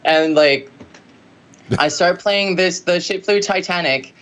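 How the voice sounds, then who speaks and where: Woman, musician guest, casual storytelling, rambling, chatty, lively. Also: fairly low pitch, slow pace. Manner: rambling, lively, with many "like" fillers and laughs.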